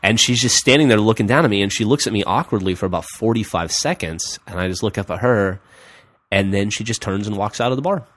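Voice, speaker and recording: Low-voiced man telling a rambling story. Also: fast. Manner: rambling, deadpan, drops low and quiet for quoted lines. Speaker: podcast host. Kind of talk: casual storytelling chat.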